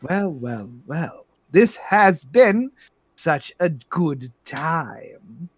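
A man voicing a sly old sorceress grandmother with sharp teeth, speaking softly and drawing out her words. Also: on the high side, big pitch swings, extremely slow, breathy edge, no echo, exaggerated voice. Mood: silky menace.

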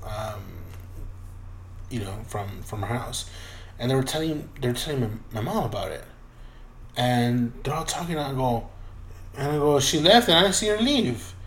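A man spins a personal story in relaxed chat, cursing freely and slipping into the voices of the people he describes. His mid-pitched voice rings in a roomy space with a faint noise floor. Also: moderate pace. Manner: loose, profane, acts out voices in retelling. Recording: roomy echoey room.

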